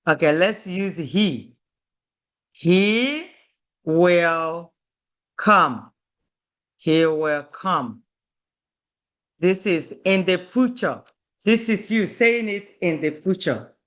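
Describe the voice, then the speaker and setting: A woman with an Igbo accent teaching a language lesson, slowly repeating words for her students to learn. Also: on the low side, expressive. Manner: slow and deliberate, repeating words for drill. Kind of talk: slow classroom teaching.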